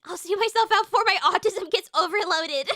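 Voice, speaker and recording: A woman streamer chatting casually with her live chat, excitable and swearing freely, with lots of fillers and restarts. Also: very high-pitched, fairly quick, dry recording.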